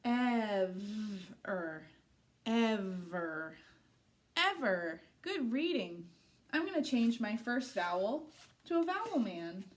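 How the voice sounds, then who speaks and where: A young woman leads a phonics lesson for small children in a slightly high voice. She takes her time, stretching out each letter and syllable so the kids can follow. Her tone stays patient and encouraging throughout. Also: sing-song, measured pace. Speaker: teacher.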